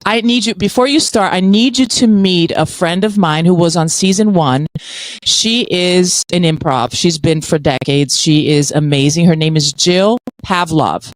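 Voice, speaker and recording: A woman hosting a podcast, praising her guest warmly and at length. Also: lowish voice, measured pace, dry recording, low-quality recording. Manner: effusive, gushing praise. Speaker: podcast host. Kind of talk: casual interview talk.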